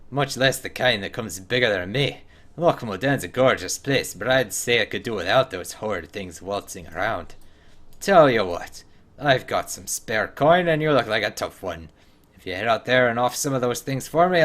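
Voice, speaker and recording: A man's voice: medium pitch, animated, moderate pace, fairly bright tone, natural voice. A chatty dwarf quest-giver from a fantasy game talks in a rolling put-on Scottish accent, voiced by a man. He reads like a homely storyteller spinning out a tale. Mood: folksy. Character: dwarf male quest-giver, wary of spiders. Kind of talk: reading quest text aloud in character.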